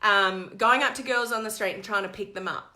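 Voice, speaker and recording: Bright-voiced woman coach chatting live. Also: mid-range voice, a little fast. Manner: animated, digressive storytelling. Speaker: network marketing coach. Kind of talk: live-stream chat to viewers.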